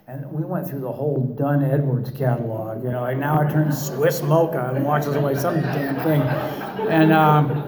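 A middle-aged man telling his recovery story to a meeting audience, with wry, self-mocking humor and halting restarts. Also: mid-range voice, fairly even intonation, darkish tone, echoey room, a little hiss or hum, poor audio.

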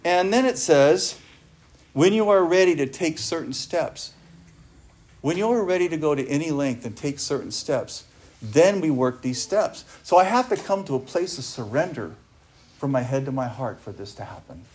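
A man's voice: fairly high pitch, lively intonation, normal speed, a little mellow. A man giving an earnest recovery talk, speaking emphatically and often asking his listeners rhetorical questions.

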